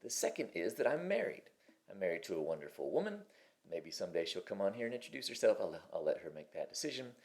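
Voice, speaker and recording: A man's voice: sits low, sing-song, quick pace, darkish tone. A man in his forties hosting his own channel, talking casually and candidly from his kitchen table. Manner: conversational and candid, with restarts. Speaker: host. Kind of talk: casual to-camera talk.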